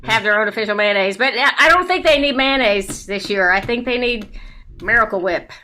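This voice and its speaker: A woman from South Carolina works through a stand-up set over a video call, and her tone is bright and forward. She tells her stories dryly, fires off quick asides and mimics other people. A faint hiss sits under her voice. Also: medium pitch. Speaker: stand-up comedian.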